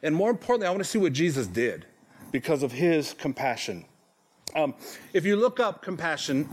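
A man in his forties preaching a sermon to his congregation in a church, talking in a conversational, self-deprecating way and often checking in with "okay?". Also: fairly high pitch. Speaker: pastor. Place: church sanctuary.

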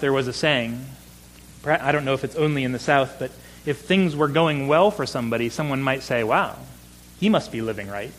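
A man's voice: on the high side, fairly bright tone, slight background noise, low-quality recording. A man preaching a sermon, earnest, often repeating words for emphasis. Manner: earnest, repeats words when stressing a point. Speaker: pastor.

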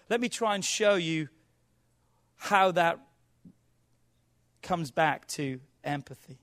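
A man with a high-pitched voice preaching a sermon. His delivery is animated and he acts out quoted arguments, at times climbing to a shout. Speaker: pastor.

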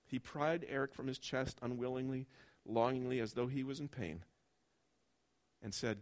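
A man in a sermon reading a first-person story aloud, telling it expressively and going soft and low at tender moments. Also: moderate pace, long pauses.

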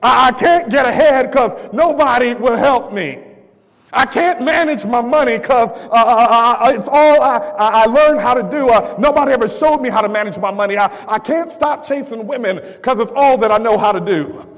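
A man preaching a sermon in a church, with stammering restarts and call-and-response, rising to shouts. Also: very high-pitched, moderate pace. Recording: long reverb of a church hall.

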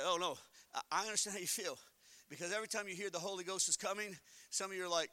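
A man with a high voice preaches quickly as pastor, the recording dry. His sermon alternates between soft speech and shouting, with funny stories featuring acted-out inner voices.

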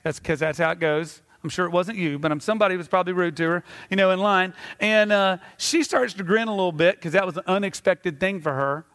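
Middle-aged male pastor, high voice, lively storytelling sermon, long hall reverb. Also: fairly quick, few pauses. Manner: animated storytelling, acting out scenes. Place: church sanctuary. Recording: reverberant church sanctuary.

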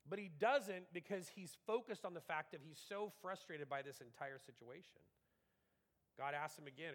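A man preaching a sermon in an animated, conversational way, acting out the quotes he tells. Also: a little high, normal speed, in a large hall.

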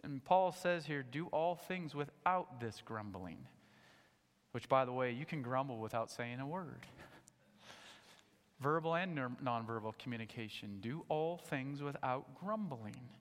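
A man preaching a sermon to a church congregation, animated, swinging between loud emphatic points and low, quiet asides. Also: measured pace, in a large hall. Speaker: pastor. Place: church sanctuary.

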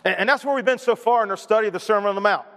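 A man's voice: sits high, rapid-fire, a bit bright, big-room sound. A man preaching a sermon as pastor of a church, emphatic and repetitive, calling on the congregation to respond. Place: church sanctuary.

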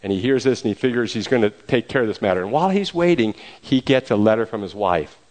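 A man preaching a storytelling sermon, retelling events in a lively way with acted quotes. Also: fairly low pitch, fast, low-quality recording.

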